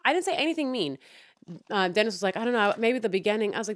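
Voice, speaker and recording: A young woman hosting a podcast, venting about a neighbor in a heated, profane, animated way. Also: mid-range voice, fast, no echo, clean studio sound. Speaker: podcast host. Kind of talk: casual storytelling rant.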